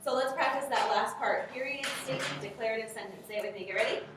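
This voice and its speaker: A woman's voice: a little high, fast, music in the background. Upbeat woman teacher in an echoey room. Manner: upbeat, rhythmic drilling of chant patterns. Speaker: teacher trainer. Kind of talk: workshop lesson for teachers. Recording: very echoey room, mic far off.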